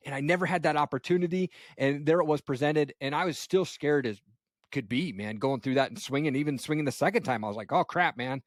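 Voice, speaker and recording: A man's voice: on the high side, fast, no echo. Laid-back man host, dry sound. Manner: laid-back, reflective, says "man" often. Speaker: podcast host. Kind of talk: casual conversation.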